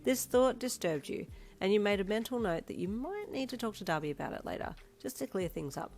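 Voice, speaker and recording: A woman narrating a second-person fan fiction story in an even storytelling manner. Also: lowish voice, fast talker. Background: faint instrumental music.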